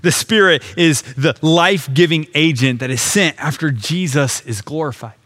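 Man, pastor, sermon, earnest conversational preaching, voice a little high. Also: moderate pace, a bit bright. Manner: earnest expository preaching, paraphrasing scripture conversationally.

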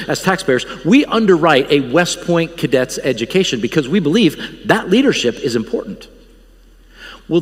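Earnest preacher man in a reverberant church. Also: a little high. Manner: earnest, building to emphatic appeals, with repeated restarts. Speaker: Bible college president. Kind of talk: guest sermon. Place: church sanctuary. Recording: long church hall reverb.

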